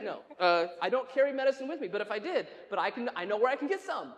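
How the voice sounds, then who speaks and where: With a very high-pitched voice, big pitch swings and few pauses, this pastor talks fast through his sermon in a church sanctuary. He's chatty and wry, quizzing the congregation, and the room's long reverb carries every word.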